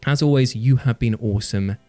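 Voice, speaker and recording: A man hosting a comedic gaming list video, jokey and animated, with a warm, earnest sign-off. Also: medium pitch, fairly quick, faint music behind. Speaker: host.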